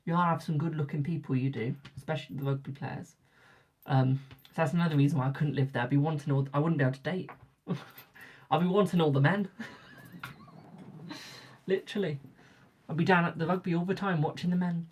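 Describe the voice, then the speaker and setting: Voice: mid-range voice, steady tone, brisk, pauses often, darkish tone, husky. A young adult tarot reader from Britain chatting casually with live viewers, rambling and repeating phrases for emphasis.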